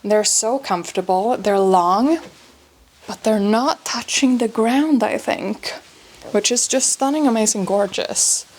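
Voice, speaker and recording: Chatty young woman, breathy and gushing. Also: on the high side, unhurried, darkish tone. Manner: breathy and a little out of breath while trying on clothes; gushing, filler-heavy, says "like" a lot. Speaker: fashion vlogger. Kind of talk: casual chatty vlog. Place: her home wardrobe room.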